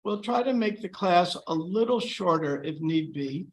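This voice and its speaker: A man with a slightly high, gravelly voice leads a scripture class. His tone is loose and chatty, full of pauses and fillers, and he slips in dry sarcastic jokes. He talks to the room as if to friends. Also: animated, slight background noise, rough recording. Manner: joking, dryly sarcastic. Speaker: class speaker.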